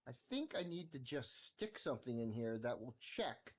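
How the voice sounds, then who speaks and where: Streamer, man, mid-pitched, lively and sing-song, silly thinking-aloud chatter. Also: normal speed. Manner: goofy, rambling, sing-song. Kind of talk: live coding stream commentary.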